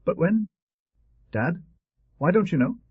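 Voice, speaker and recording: A man's voice: high voice, lively intonation, slow, breathy edge, no room sound, pitched above the performer's own voice, exaggerated voice. A man voicing an anxious, curious six-year-old boy who keeps asking questions in a childlike way that borders on tears. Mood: eager questioning. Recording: dull, dry lo-fi recording.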